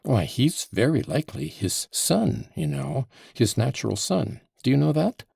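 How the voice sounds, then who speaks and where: A man's voice: mid-range voice, very animated, measured pace, gravelly, darkish tone, husky, no echo, clean studio sound, pitched above the performer's own voice, heavily acted. A man voicing an agitated, passionate accused man in an audiobook, with heated, emphatic outbursts. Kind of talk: audiobook character voice.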